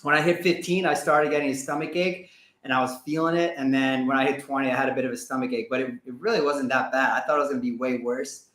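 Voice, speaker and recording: Young american guy chatting on a travel livestream, bright tone, echoey room. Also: mid-range voice, steady tone, fast. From United States. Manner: chatty, lots of yeah-yeah fillers. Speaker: travel vlogger co-host. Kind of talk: casual livestream Q&A chat.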